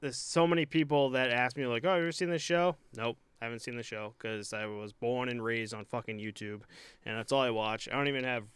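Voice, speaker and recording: Young male podcast co-host, clear smooth voice, dry close sound, rambling and profane. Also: medium pitch, brisk, fairly bright tone, no room sound. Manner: loose, profane, rambling with many fillers. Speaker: hockey goalie. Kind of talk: casual podcast chat.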